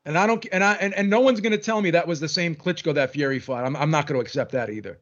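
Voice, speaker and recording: A man's voice: fairly high pitch, quick pace, fairly bright tone. Jovial man in his fifties, lo-fi sound. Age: 50s. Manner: jovial, egging others on, repeats himself. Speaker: panelist. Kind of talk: heated panel debate.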